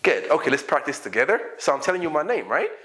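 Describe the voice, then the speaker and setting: Male English teacher, animated and playful, slightly high, very lively intonation. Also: fast talker. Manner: animated and playful, acts out sample dialogues. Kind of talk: casual online English lesson.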